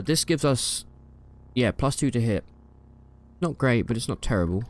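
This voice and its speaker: Here a young man at medium pitch, recorded with a clean tone, gives relaxed, joking gameplay commentary for his YouTube channel, trash-talking each enemy he takes on.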